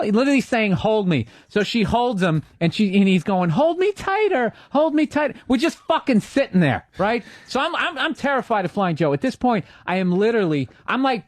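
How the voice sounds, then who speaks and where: A man's voice: high voice, dry recording. Man swearing through a comic rant. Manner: profane, animated storytelling. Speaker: podcast co-host. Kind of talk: casual comedic chat. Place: radio studio.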